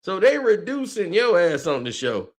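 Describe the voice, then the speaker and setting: A man's voice: high voice, very animated, normal speed. A man streaming casual reaction commentary, mocking what he reads, swearing freely and laughing often.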